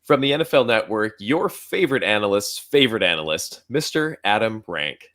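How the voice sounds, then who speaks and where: Low-voiced effusive podcast host man. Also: sing-song, normal speed, fairly bright tone. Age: 30s. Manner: effusive, laughs often, many fillers. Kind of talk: casual interview chat.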